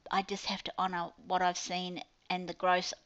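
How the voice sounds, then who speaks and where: A woman's voice: on the low side, monotone, normal speed, a bit bright, highs cut off. Chatty New Zealand woman coach. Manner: chatty, upbeat sales patter with playful asides. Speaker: business coach. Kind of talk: promotional talk to clients.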